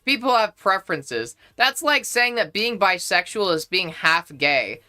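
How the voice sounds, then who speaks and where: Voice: mid-range voice, big pitch swings, a little slow, bright, forceful tone. A young adult streamer casually chatting with a live audience, playful, profane and mock-indignant. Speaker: livestreamer reading chat.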